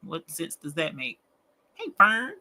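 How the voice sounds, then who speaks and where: A woman's voice: sits low, wildly swooping pitch, measured pace, bright, forceful tone. A woman hosting a late-night crafting livestream, chatting to viewers in a rambling, folksy way and laughing often. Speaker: livestream host of a rhinestone crafting show.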